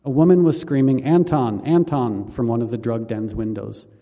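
Guy reading his own memoir, super mellow dark voice, calm and dry humor, long reverb. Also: mid-range voice, brisk. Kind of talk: memoir audiobook narration.

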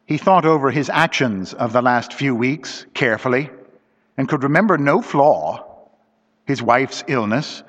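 A man reading a story aloud as an audiobook narrator, in a steady, deliberate storytelling manner. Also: medium pitch. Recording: dull lo-fi recording with long reverb.

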